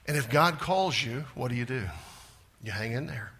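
A man preaching a sermon with big swings in pitch and loudness, sometimes dropping to a hushed voice for emphasis. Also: lively intonation, moderate pace, slightly rough. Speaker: pastor.

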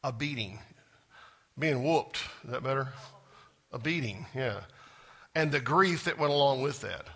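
A man's voice: medium pitch, animated, moderate pace, long pauses, fairly bright tone. A man preaching a sermon, chatty and self-joking, asking the congregation questions. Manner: conversational, asks the congregation questions, jokes at himself. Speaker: pastor. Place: church sanctuary.

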